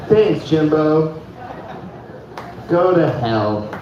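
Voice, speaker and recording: A man's voice: fairly high pitch, lively intonation, extremely slow, background noise. A young man from North Dakota doing a stand-up comedy set, casual and loose, dropping "dude" all the time and laughing at his own jokes. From Fargo, North Dakota. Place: live comedy show in a room. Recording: echoey room, mic heard from far, dull.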